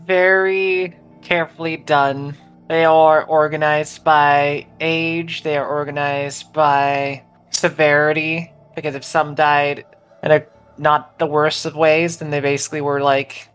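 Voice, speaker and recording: A woman player casually explaining her character's feelings, rambling as she thinks aloud. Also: sits low. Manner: searching, rambling with fillers.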